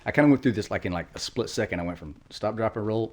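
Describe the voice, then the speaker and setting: Middle-aged guy, ex-marine, real low voice, just tells it straight, lots of uh and like. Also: quick pace, slight background noise. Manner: matter-of-fact, loose, with fillers and restarts. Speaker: podcast guest, retired Marine. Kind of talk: casual storytelling interview.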